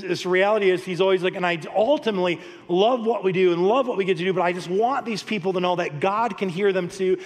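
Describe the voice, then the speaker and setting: Animated high-voiced male pastor, echoing hall. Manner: animated, storytelling, laughs often. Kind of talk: sermon. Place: church sanctuary. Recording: long hall reverb.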